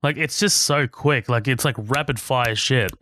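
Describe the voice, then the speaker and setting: A man's voice: mid-range voice, normal speed, bright, forceful tone, slight background noise. A man co-hosting a casual movie podcast, rambling with many filler words. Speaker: podcast co-host.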